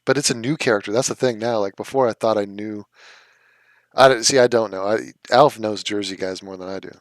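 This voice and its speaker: Low-pitched man, wry rambling streamer, dry close sound. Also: fairly even intonation, a little fast, no echo. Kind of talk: casual chat.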